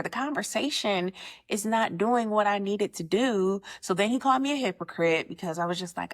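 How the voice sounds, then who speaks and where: A young woman tells a personal dating story straight to her audience in a loose, slangy way. Her voice sits in a middle range, and it jumps up high whenever she acts out what someone said. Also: fairly quick. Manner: animated, slangy, jumps pitch when quoting people. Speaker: vlogger telling a dating story. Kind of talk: casual storytelling.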